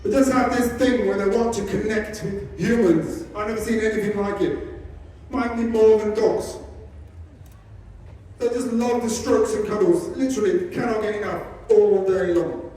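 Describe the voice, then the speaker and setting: A fairly high-voiced man giving a humorous talk, his wry, self-deprecating stories landing between gentler asides. The sound is distant and boomy, as if caught from the back of a large hall, with a long reverb tail and a faint noise floor. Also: fairly even intonation, moderate pace. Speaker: sanctuary founder giving a talk.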